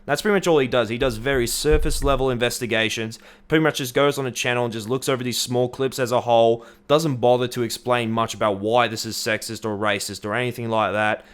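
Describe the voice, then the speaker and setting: A man's voice: mid-range voice, fairly even intonation, quick pace, few pauses, smooth. Blunt, sweary Australian man ranting. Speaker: commentary YouTuber. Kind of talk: opinionated commentary.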